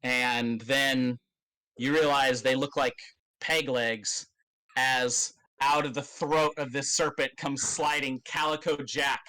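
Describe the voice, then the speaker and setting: A man narrating as game master of a tabletop game, in a loose, halting way with many fillers and casual swearing. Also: mid-range voice, steady tone, pushed and bright, low-quality recording.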